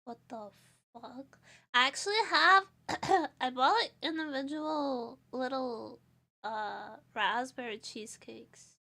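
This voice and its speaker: A woman's voice: high-pitched, slow pace, gravelly, bright, forceful tone. A Portuguese woman with a Portuguese accent chatting casually on a stream, playful and rambling, stressed and tired. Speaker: vtuber streamer.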